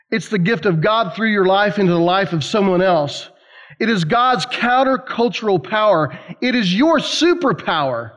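A man delivers a sermon to students in a lively, storytelling way, tossing in quick conversational asides. His voice sits high for a man. The recording is a little dull and lo-fi. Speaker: preacher. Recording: slightly dull lo-fi sound.

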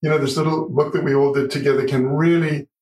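A middle-aged man with a slightly high voice, telling his story with lively acted-out dialogue. He is recorded in an echoey room. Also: quick pace. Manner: animated storyteller, acts out dialogue. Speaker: guest author and surfer. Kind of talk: storytelling in a podcast interview.

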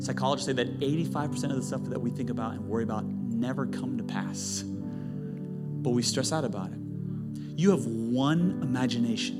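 Energetic pastor preaching in a reverberant hall. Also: male voice, medium pitch, moderate pace. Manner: animated, building to loud emphatic peaks. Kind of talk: sermon. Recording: long hall reverb, faint music.

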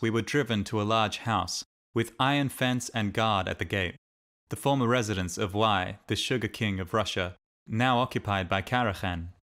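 A man narrating a diary as an audiobook in a steady, measured reading. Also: fairly low pitch.

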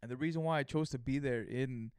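A man in his thirties from California rambles through a personal story in relaxed, slang-heavy talk. His voice sits at an ordinary middle pitch and he peppers his sentences with "you know" and "right?". The recording is dry and close, with no room sound. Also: a little fast, clean tone, no room sound. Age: 30s. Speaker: vlogger. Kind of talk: casual storytelling monologue.

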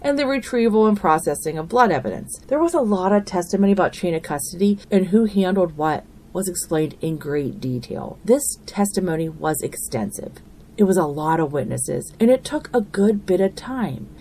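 A woman's voice: lowish voice, animated, normal speed, a little mellow, a little hiss or hum. A woman hosting a true crime podcast, walking through a trial in an earnest, opinionated, conversational way. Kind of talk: narrated podcast commentary.

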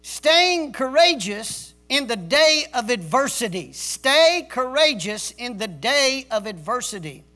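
Forceful, stern male pastor preaching. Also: very high-pitched, big pitch swings, slow pace, few pauses. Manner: emphatic, repeats key words for stress; stern, drill-sergeant tone. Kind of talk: sermon. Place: church service.

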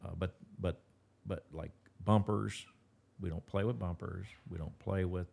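Here a man from West Virginia, a dog trainer with an Appalachian accent, rambles folksily through a relaxed interview, often starting his sentences over. He sounds low, steady and a bit slow, with vocal fry and a slightly mellow quality.

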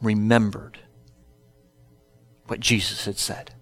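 A man's voice: fairly low pitch, level tone, slow pace, a bit bright, faint music behind. A man preaching a sermon who tells scripture stories and acts them out in casual modern speech. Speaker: pastor.

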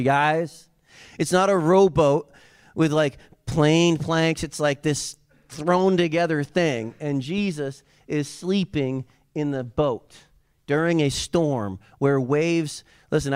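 Brief: male preacher, slightly high voice, animated sermon, dry close sound. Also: dry recording. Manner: animated, swinging from soft asides to yelling. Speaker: pastor.

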